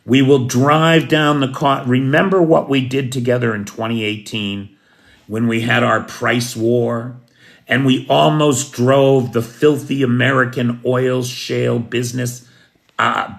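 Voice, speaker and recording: A man playing a smooth-talking male oil prince who speaks in a soothing, falsely friendly way. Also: medium pitch, steady tone, measured pace. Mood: scheming.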